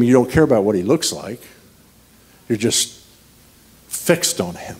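A man's voice: medium pitch, expressive, unhurried, darkish tone, breathy edge. A man preaching a conversational sermon as a guest speaker, telling personal stories with a humorous, anecdotal manner. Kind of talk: storytelling sermon.

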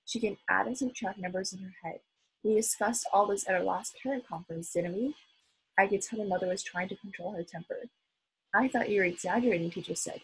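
A woman reading a children's novel aloud, expressive, with small slips and restarts. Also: medium pitch, brisk, slight background noise, low-quality recording. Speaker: volunteer reader.

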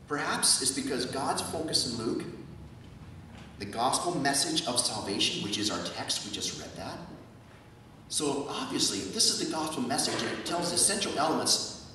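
A man's voice: mid-range voice, sing-song, normal speed, sharp tone, slight background noise. A man preaching a sermon as pastor, asking rhetorical questions and repeating key words for emphasis. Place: church sanctuary. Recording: echoey church hall, from far off.

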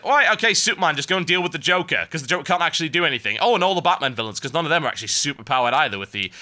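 A man with a medium-pitched, pushed, bright voice delivers rambling, sarcastic let's play commentary as he plays a video game. Game music plays in the background.

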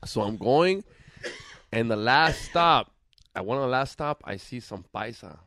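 Animated guy telling a road story. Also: medium pitch, unhurried. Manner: animated storyteller, mixes in Spanish slang and quoted voices. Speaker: podcast co-host. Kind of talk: casual storytelling chat. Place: podcast studio.

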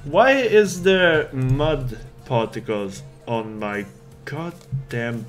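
A man's voice: medium pitch, lively intonation, extremely slow, faint music behind. Laid-back man, laughing as he works. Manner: laid-back, laughs often, narrates his work. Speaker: game developer. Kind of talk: casual banter while working.

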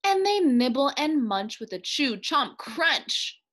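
A woman reading a children's picture book aloud in a sing-song, expressive way, slowing down for the refrains. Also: high voice. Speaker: storyteller.

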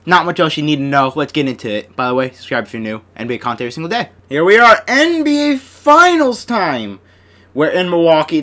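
A young man giving live commentary over his own basketball video game play, quick to frustrated outbursts and pleading with his players. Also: a little high, fairly bright tone. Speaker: gaming YouTuber.

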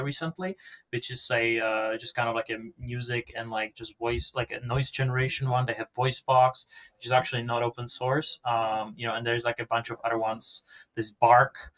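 A man being interviewed as a podcast guest, explaining software in a loose, rambling conversational way. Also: medium pitch, level tone, normal speed. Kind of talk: casual technical interview talk.

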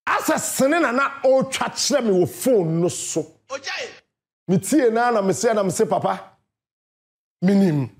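A Ghanaian man tells his story with a very high voice. His pitch swings widely as he shouts and acts out other people's lines. He sounds like a seasoned radio host. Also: lively intonation, normal speed. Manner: emphatic, often shouting and mimicking others. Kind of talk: animated storytelling monologue.

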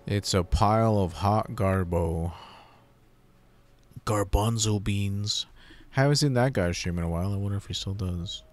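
A man's voice: lowish voice, a little slow. A man giving casual gameplay commentary, grumbling and swearing freely in frustration. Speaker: gaming streamer.

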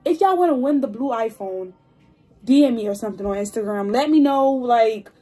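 Gushing young woman with a mellow voice. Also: on the high side, a little fast, faint music behind. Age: 20s. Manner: gushing, chatty, excitable. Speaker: hair vlogger. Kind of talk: casual chat to viewers. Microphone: phone.

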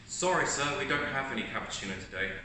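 A man's voice: mid-range voice, lively intonation, quick pace, pushed and bright. Man doing an apologetic, polite barista. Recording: echoey room, distant mic, faint hiss.

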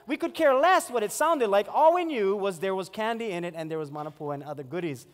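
Pastor, 40s, storytelling sermon, high pitch, reverberant sanctuary. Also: male voice, fast talker. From Hawaii. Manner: storytelling, animated acted-out quotes. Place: church sanctuary. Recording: long hall reverb.

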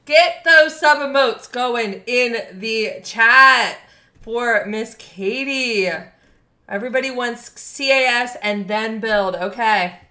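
A woman's voice: on the high side, bright, forceful tone, echoey room. A woman streaming a game live, chatting with her viewers, thanking them and laughing often. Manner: bubbly, reads and thanks chat, laughs often. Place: home room.

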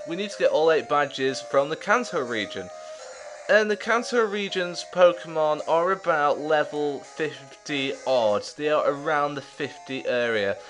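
A man's voice: on the high side, expressive, moderate pace, fairly bright tone, faint music behind. A man hosting a let's play, giving casual gameplay commentary with chatty, jokey, self-mocking asides.

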